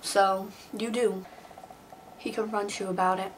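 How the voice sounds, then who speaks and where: A woman's voice: mid-range voice, flat delivery, unhurried, a little hiss or hum, low-quality recording. Playful young woman vlogger. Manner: playful storytelling, acting out excuses. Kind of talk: comedic skit vlog.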